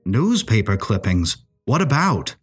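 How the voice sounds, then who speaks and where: A man's voice: on the low side, very animated, unhurried, breathy edge, faint music behind, heavily acted. A man voicing a nervous, stammering young man who whines and hesitates, in a storybook reading. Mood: anxious. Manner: anxious, whiny, hesitant.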